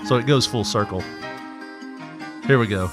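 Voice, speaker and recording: A man's voice: mid-range voice, moderate pace, loud music behind the voice. A man with a Southern accent co-hosting a podcast in casual chat, laughing often and slipping into mocking voices. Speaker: podcast co-host.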